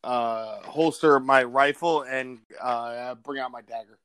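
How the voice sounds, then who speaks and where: A man's voice: mid-range voice, steady tone, takes it slowly, a bit bright, clear, resonant tone, dry recording. A man playing a tabletop game who lays out his moves step by step. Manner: methodical, declaring actions step by step. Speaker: player. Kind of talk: casual tabletop play.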